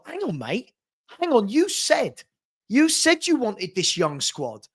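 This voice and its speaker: A man's voice: sits high, sing-song, measured pace, fairly bright tone. A man co-hosting a casual football chat, talking in an exasperated, emphatic way. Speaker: co-host.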